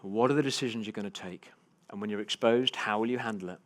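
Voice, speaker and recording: A man giving a motivational keynote to a live audience, telling personal stories with big swings between hushed and loud delivery. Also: fairly low pitch, fast. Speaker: keynote speaker. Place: conference stage before a live audience.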